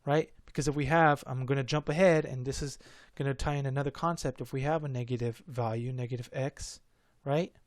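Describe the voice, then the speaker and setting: A man's voice: medium pitch, fairly even intonation, fairly quick, hardly any pauses, no room sound, clean studio sound. A man explaining math in a casual lesson, rambling and stuttering, often correcting himself. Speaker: math tutor.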